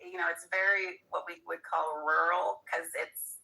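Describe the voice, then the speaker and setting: Female guest, slightly hoarse, low voice with a very bright edge, rambling casual talk, phone-line sound. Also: flat delivery, normal speed. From Hawaii. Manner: musing, many fillers, rambling. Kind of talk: casual conversation.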